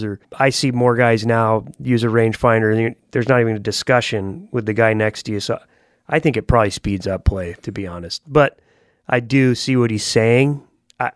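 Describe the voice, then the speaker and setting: A man's voice: mid-range voice, steady tone, moderate pace, no echo, clean studio sound. A man co-hosting a podcast, giving blunt opinions in casual chat and swearing freely. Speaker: podcast co-host.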